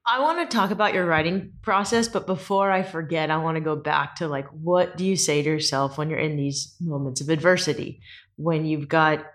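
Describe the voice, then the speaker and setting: A woman interviewing a guest, asking questions eagerly and excitedly. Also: low-pitched, moderate pace. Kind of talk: interview conversation.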